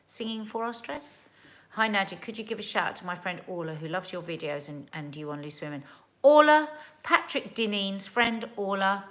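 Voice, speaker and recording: A woman's voice: mid-range voice, expressive, normal speed, a bit bright. A woman hosting a casual livestream from home, reading viewer comments aloud in a chatty, earnest and emotional way.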